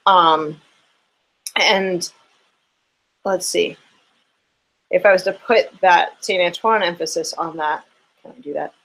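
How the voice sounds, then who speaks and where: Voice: medium pitch, fairly even intonation, slow pace, pauses often, bright, forceful tone, rough recording. A fiddle teacher giving a casual online lesson into a computer microphone, thinking aloud and counting and humming rhythms.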